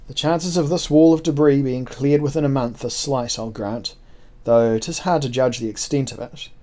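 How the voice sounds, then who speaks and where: A man reading a novel aloud, voicing a sardonic, amiable tall gentleman traveller with dry, mocking courtesy. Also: medium pitch, steady tone, moderate pace, pitched above the performer's own voice, natural voice. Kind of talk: audiobook character voice.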